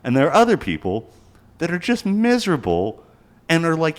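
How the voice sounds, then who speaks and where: A man's voice: on the high side, sing-song, a little fast. A man in his forties, a podcast co-host, ranting profanely in casual chat and slipping into quoted voices. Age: 40s.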